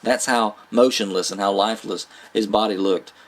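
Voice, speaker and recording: A man's voice: lowish voice, fairly even intonation, normal speed. A man giving a casual spoken movie review, rambling with fillers, restarts and small laughs. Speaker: film reviewer.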